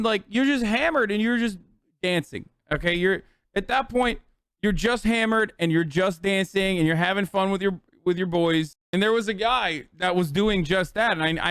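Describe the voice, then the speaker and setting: A man's voice: high voice, fairly bright tone, no room sound, clean studio sound. A man in his thirties telling a rambling, sarcastic, profane story on a casual livestream. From United States. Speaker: streamer.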